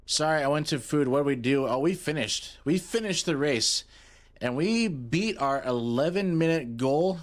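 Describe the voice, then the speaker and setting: A young man chatting casually to his live-stream audience, goofy and rambling while he fiddles with his setup. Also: medium pitch.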